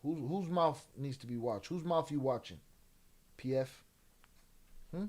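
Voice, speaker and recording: This livestream host has a mid-range, slightly mellow voice and takes his time, leaving long pauses. He addresses his chat in a drawling, streetwise way, taunting and trash-talking trolls.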